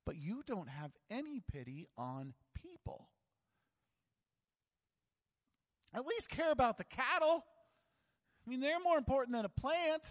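God, as a preacher puts him on, lays out a patient argument and builds it into a firm rebuke. The voice is a man's and sits fairly high. It carries a long, hall-like reverb. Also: big pitch swings, measured pace, hardly any pauses, darkish tone, slightly rough, exaggerated voice. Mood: rebuking. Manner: reasoning, mounting rebuke. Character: God, scolding yet reasoning, patient.

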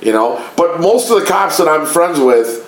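Male podcast co-host: raised-pitch, heated, foul-mouthed storyteller, echoey room. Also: big pitch swings, normal speed. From Chicago area. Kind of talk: casual podcast chat.

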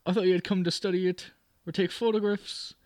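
A man's voice: high voice, fairly even intonation, a little fast, dry recording, voice pushed up, lightly acted. A man voicing a friendly, chatty Irish landlady in a put-on Irish accent with a lilting manner. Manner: lilting, warm and rambling.

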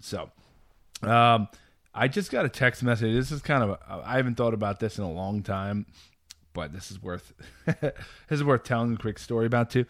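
A man's voice: mid-range voice, normal speed, no room sound, studio quality. A man hosting a podcast, rambling through a story with frequent laughs and fillers. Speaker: podcast host. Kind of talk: casual chat.

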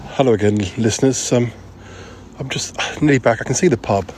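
A man's voice: medium pitch, fairly quick, darkish tone, slight background noise. A man hosting a comedy podcast outdoors, out of breath and flustered, stammering and repeating himself as he walks through the woods. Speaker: podcast host.

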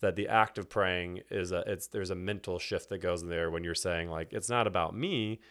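A man's voice: low voice, steady tone, moderate pace, fairly bright tone. A young man from Texas, a church elder candidate, talking about faith in a rambling, casual way with many restarts. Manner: rambling, many restarts and fillers, laughs often. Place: indoor room with host.

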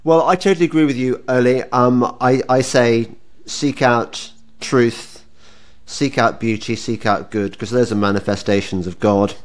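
A man's voice: mid-range voice, fairly even intonation, measured pace. A man hosting an interview, casual and agreeable, who talks with hesitant fillers. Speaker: podcast host.

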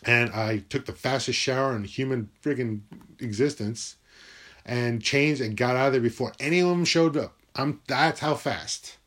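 A man telling a personal story from his school days in a wry, profane, animated way. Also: medium pitch, normal speed.

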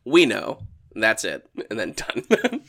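A man's voice: on the low side, wildly swooping pitch, slow, pushed and bright. Laughing, rambling podcast host man. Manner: laughs often, rambling with restarts. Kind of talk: casual podcast chat.

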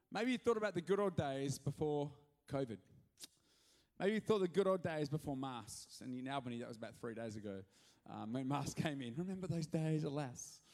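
A male pastor giving an animated, joking sermon with sudden loud rises in a church hall. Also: a little high. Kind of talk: energetic sermon.

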